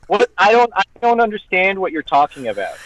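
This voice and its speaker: A man's voice: high-pitched, sing-song, a little fast, fairly bright tone, dry recording. A man, a guest who makes online content, chatting on a podcast in a heated, profane, ranting way and mimicking people in mocking voices. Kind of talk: casual podcast chat. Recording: dull lo-fi dry audio.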